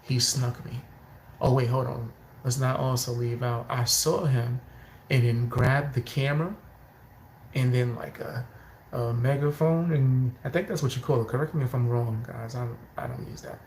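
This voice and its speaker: A man doing casual reaction commentary, laughing hard and wheezing as he tries to hold back loud laughter. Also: mid-range voice, normal speed, slight background noise, rough recording. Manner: animated, quotes people mid-story.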